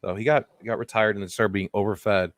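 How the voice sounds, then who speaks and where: A man co-hosting a comedy podcast, telling stories in an animated way and laughing as he goes. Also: fairly low pitch, brisk, dry recording. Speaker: podcast co-host. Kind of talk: comedic storytelling chat.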